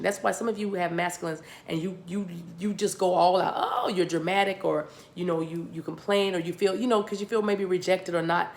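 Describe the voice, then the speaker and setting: A woman's voice: lowish voice, vocal fry. An American woman giving a spiritual card reading, talking directly to viewers, repeating and restarting her words. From United States. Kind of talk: tarot-style card reading.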